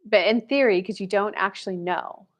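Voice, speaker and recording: A woman's voice: mid-range voice, moderate pace. A woman in her thirties, a spiritual dating coach, chatting casually on a live stream and answering viewers, full of "like" fillers and blunt casual swearing.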